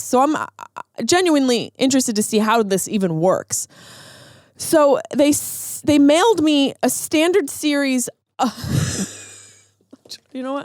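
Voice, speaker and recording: A woman's voice: sits high, expressive, normal speed, no echo, clean studio sound. A woman podcast host in a comedic monologue, ranting animatedly with rhetorical questions.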